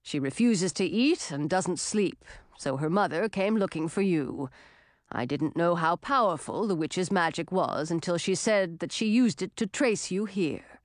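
Brief: solemn old ice dragon king, read by a woman, lowered and unhurried, dry booth sound. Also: lively intonation, no echo. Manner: slow, solemn, low voice. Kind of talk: audiobook character reading.

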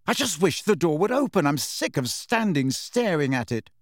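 A man voicing a frustrated teenage boy wizard in an audiobook, flat and defensive. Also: a little high, normal speed, dry recording, studio quality, voice pushed up. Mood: irritated. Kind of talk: audiobook character voice.

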